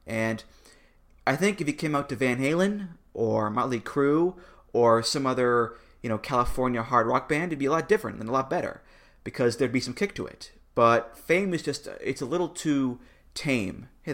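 Wry opinionated man, mid-pitched. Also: lively intonation, a bit bright. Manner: wry, opinionated, quick to laugh. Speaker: podcast co-host. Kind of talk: casual chat.

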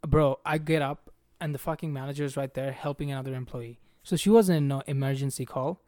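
A man's voice: medium pitch, a little fast, dry recording, studio quality. A young man hosting a podcast, telling a story in casual, profane slang and calling his friend "bro". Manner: profane, animated, says "bro" a lot. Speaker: podcast host.

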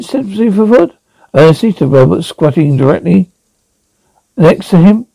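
A man's voice: fairly high pitch, unhurried, vocal fry, warm tone, no room sound, rough recording. A man reading an audiobook aloud, often stumbling and correcting himself. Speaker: audiobook reader. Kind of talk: audiobook narration.

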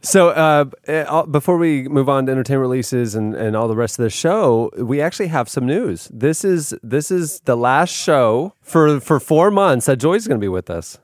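A man's voice: mid-range voice, lively intonation, dry recording. Easygoing man hosting, dry sound. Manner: loose, halting lead-ins. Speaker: podcast host. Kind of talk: casual show hosting. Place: podcast studio.

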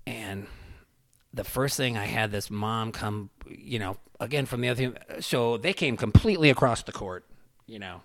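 Man, lowish voice, casual rambling storyteller with heavy fillers and cursing, dry sound. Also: moderate pace, dry recording. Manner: rambling, many fillers, swears freely.

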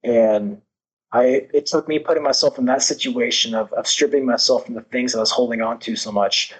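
A medium-pitched man with a steady tone speaks a little fast, and the recording is rough. As a podcast guest he's intense and emphatic, cursing a lot while speaking frankly and motivationally about growth.

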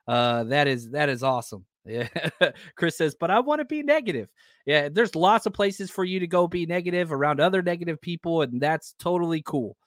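A man with a voice on the high side hosts a live sports fan podcast at a normal speed, enthusiastic and grateful as he reads listener chat comments aloud. The clean studio recording has no echo.

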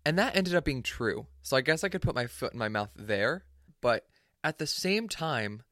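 A man's voice: mid-range voice, animated, moderate pace, pushed and bright, no room sound, studio quality. A young man co-hosting a podcast in casual chat, playful and sarcastic. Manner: playful, sarcastic, mock-formal. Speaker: podcast co-host.

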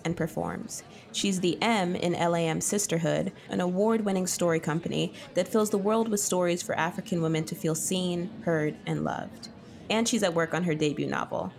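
A woman hosting a podcast, reading measured scripted introductions. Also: fairly low pitch, creaky, a little mellow. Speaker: podcast host.

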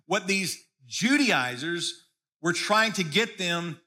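A man's voice: high voice, lively intonation, slow, sharp tone. A man preaching a sermon as pastor, in a conversational way that often restarts and repeats words.

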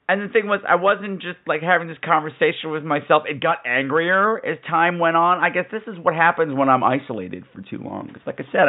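A man hosting a casual storytelling podcast, animated and campy, gasping for effect. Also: a little high, narrow, tinny audio. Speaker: podcast host.

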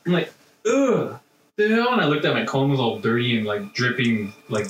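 A man in casual chat with friends, telling an animated, swear-filled story and acting out what people said. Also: medium pitch, fast. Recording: echoey room, far from mic.

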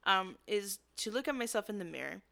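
A woman's voice: mid-range voice, lively intonation, fairly quick, creaky, pushed and bright. A young woman talking in a casual chat, earnest and emotional, often laughing.

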